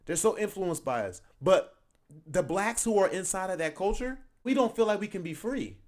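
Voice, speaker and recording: A man's voice: high voice, expressive, moderate pace. A young man hosting his channel, reacting in casual commentary, conversational and laughing often as he makes his points. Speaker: channel host reacting to a video.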